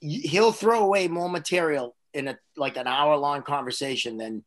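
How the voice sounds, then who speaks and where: A comedian, telling stories in casual chat with frequent restarts. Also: male voice, on the high side, normal speed. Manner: rambling, animated storyteller with restarts. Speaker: comedian host.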